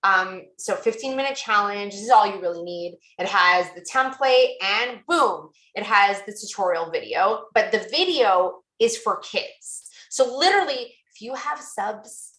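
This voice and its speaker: A woman's voice: medium pitch, animated, measured pace, few pauses, a bit bright, echoey room, poor audio. Chatty woman demoing on a video call. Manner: chatty and gushing, with many fillers. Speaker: guest presenter. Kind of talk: screen-share demo on a video call.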